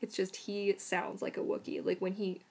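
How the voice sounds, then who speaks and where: A woman's voice: mid-range voice, little pitch movement, moderate pace, mellow. A woman casually answering viewer questions on a live stream, chatty and rambling, unwell with throat trouble. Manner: chatty, rambling, soothing her dog in whispers.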